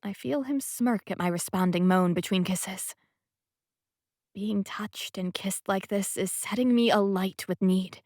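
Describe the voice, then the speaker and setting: A woman narrating a first-person romance audiobook in a soft, intimate and often whispery voice. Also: medium pitch, measured pace, no echo, clean studio sound.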